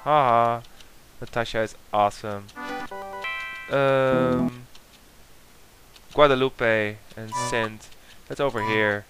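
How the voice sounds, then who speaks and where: A man chatting through a computer game as he plays, reading the clue texts aloud and muttering when he guesses wrong. His voice is mid-pitched and ordinary, and plucked-guitar game music plays clearly behind him. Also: slow, pauses often, a bit bright. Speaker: let's play commentator. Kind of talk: casual gameplay commentary.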